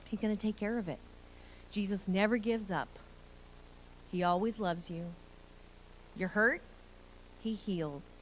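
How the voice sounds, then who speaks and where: A woman's voice: mid-range voice, unhurried, pauses often, poor audio. Woman pastor preaching in church, earnest, faint hum behind her. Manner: earnest, preaching with rising emphasis. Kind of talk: sermon. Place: church sanctuary.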